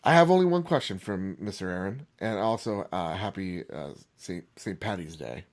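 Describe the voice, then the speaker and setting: A man hosts a casual gaming podcast with a lively, swooping pitch. He rambles from point to point and often breaks into laughter. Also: normal speed. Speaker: podcast host.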